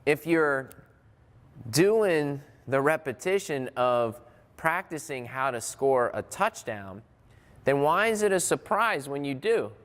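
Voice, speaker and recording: A man's voice: on the high side, a bit bright, clean tone. Man giving a motivational talk in a hall. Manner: conversational, repeats and restarts phrases, uses examples. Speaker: motivational speaker. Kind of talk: motivational talk on mental training.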